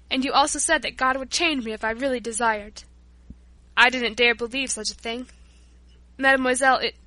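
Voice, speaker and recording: A woman's voice: high voice, pushed and bright, no room sound. A woman voicing a humble, repentant workman. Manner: earnest, pleading delivery. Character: humble repentant male Breton workman, former drunkard. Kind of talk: audiobook narration.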